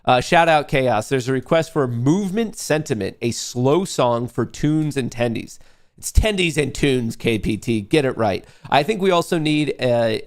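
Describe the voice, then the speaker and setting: A man's voice: medium pitch, vocal fry. A man hosting a live trading stream, talking in a casual, rambling and profane way with a nasal voice. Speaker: livestream trading show host. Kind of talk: casual livestream chat while trading.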